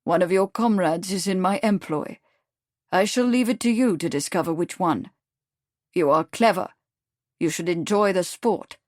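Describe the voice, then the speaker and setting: A woman's voice: on the low side, moderate pace, no echo, clean studio sound, close to an everyday voice. A woman reading the lines of a cold, mocking male Russian secret police agent in an audiobook. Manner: calm, sneering, clipped.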